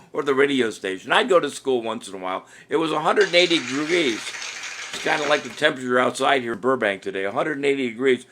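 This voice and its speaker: Over background noise, a man with a medium-pitched voice hosts a casual trivia live stream at a slightly fast pace. He jokes, rambles, chuckles often, and reads viewers' answers out loud.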